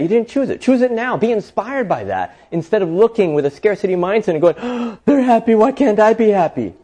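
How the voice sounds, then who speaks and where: A man hosting an inspirational talk as an animated storyteller, full of casual fillers. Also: sits high. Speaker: host.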